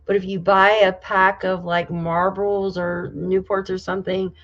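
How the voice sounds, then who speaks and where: A woman from New York State hosting a casual livestream, reading viewer comments aloud and reacting with loud exclamations and casual swearing. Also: medium pitch, little pitch movement, normal speed. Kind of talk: casual live chat. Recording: slightly dull lo-fi audio.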